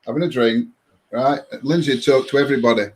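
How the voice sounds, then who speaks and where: A man's voice: medium pitch, fairly even intonation, fast. A man, telling dry jokes and anecdotes on a live chat show. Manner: dry, joking. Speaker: co-host. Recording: loud background noise.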